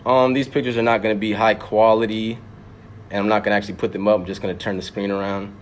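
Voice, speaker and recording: A man's voice: on the low side, flat delivery, quick pace, slight background noise. A man, a rapper, delivering an impassioned, profane monologue to camera and repeating words for emphasis.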